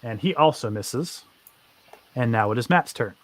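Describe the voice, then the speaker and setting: A man narrating a tabletop game as game master, briskly and with many fillers. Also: mid-range voice, expressive.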